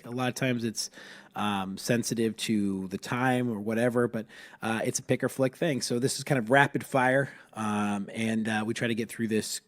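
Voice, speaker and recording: A man's voice: fairly low pitch, no echo. A man co-hosting a podcast, a youth pastor reacting supportively and introducing a game segment. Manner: supportive, reacts with short exclamations.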